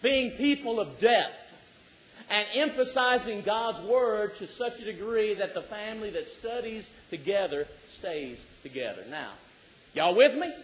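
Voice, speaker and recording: A middle-aged man preaches a sermon in a very high voice, drawn out and unhurried. He jokes with the congregation and builds to shouts for emphasis. The recording sounds dull and lo-fi. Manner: animated, rising to shouts for emphasis, joking with the congregation.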